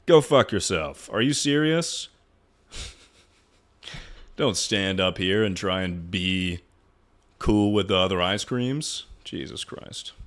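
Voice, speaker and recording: A man's voice: deep voice, lively intonation, slow pace, long pauses, a bit bright. A man in his twenties streaming, ranting casually and profanely as he ranks things. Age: 20s. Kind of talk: casual livestream commentary.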